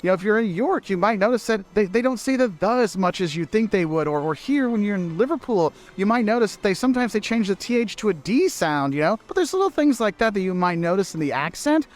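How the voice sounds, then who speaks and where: A man's voice: high-pitched, animated, fast, hardly any pauses. A man giving upbeat travel advice as a vlogger, explaining things eagerly.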